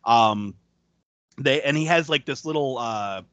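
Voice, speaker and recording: A man's voice: medium pitch, unhurried, fairly bright tone, no echo, highs cut off. A man co-hosting a podcast, recapping a movie in casual chat, swearing freely and laughing often. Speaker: podcast co-host.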